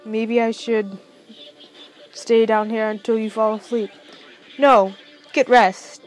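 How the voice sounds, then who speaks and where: A woman's voice: fairly high pitch, fairly even intonation, slow, soft background music, low-quality recording. A woman with a stuffy nose voicing a caring teenage boyfriend in her fan fiction reading, in close to her own voice.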